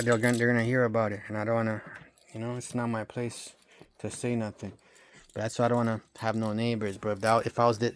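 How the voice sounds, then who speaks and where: A man's voice: medium pitch, a little hiss or hum. A man from Romania ranting in a rambling, profane monologue, tossing in bro and dog all the time. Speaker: vlogger.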